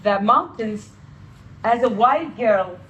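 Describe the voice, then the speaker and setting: Animated woman telling her life story. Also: on the high side, slow, lo-fi sound, a little hiss or hum. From Palestinian Bedouin, Negev region. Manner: animated, acts out quoted family voices. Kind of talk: storytelling talk to an audience.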